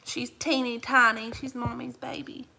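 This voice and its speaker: A woman chatting casually on a livestream, cooing baby talk to her puppy in a soft, drowsy way. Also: fairly high pitch, flat delivery, unhurried, gravelly. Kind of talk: casual live chat.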